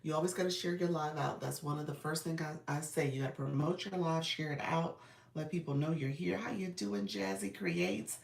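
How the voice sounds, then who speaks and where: Slightly raspy woman coach, roomy sound. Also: sits low, expressive, normal speed, distant mic. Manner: greets viewers by name, upbeat and encouraging. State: slightly raspy, under the weather. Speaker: business coach hosting a livestream. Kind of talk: casual livestream chat.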